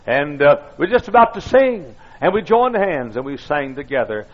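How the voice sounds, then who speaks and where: An older pastor spins a folksy sermon story, his voice riding up and down with lively swings. He jokes at his own expense and stumbles through fillers. The recording is slightly muffled. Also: on the high side, normal speed, hardly any pauses. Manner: folksy, self-deprecating, many fillers and restarts.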